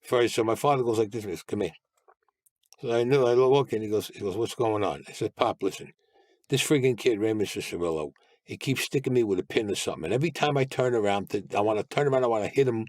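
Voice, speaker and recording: A man's voice: medium pitch, quick pace, a little mellow, no room sound. An older man, a guest telling blunt, streetwise stories full of profanity. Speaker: interview guest. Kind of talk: casual storytelling.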